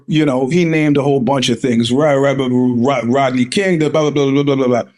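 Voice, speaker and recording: A man's voice: mid-range voice, normal speed, few pauses, a little mellow. A man hosting a live podcast, delivering a profane, combative rant with frequent laughs and stammered restarts. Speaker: podcast host. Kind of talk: live-streamed casual monologue.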